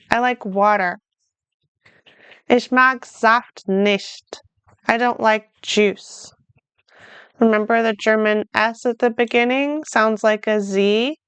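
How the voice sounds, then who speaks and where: A woman teaching a beginner language lesson, modeling short phrases slowly and then explaining them in plain words. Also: fairly high pitch, a bit bright, clean tone, dry recording. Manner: speaks slowly and carefully, models German phrases then translates. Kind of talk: slow, clear beginner lesson.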